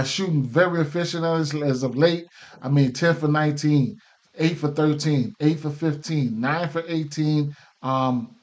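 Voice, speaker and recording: A man hosting a casual sports betting picks show, talking loosely with many fillers and restarts, and he has the hiccups. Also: a little high. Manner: loose, filler-heavy, repeats himself.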